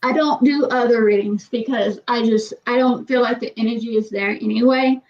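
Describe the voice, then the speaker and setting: A woman's voice: a little high, moderate pace, lo-fi sound. Chatty woman rambling through stories. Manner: rambling, animated storytelling with acted quotes. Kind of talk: casual chat.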